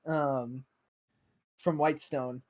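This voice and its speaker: A young man hosting a casual podcast, easygoing and quick to laugh, with loose fillers. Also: mid-range voice, steady tone, darkish tone. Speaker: podcast host.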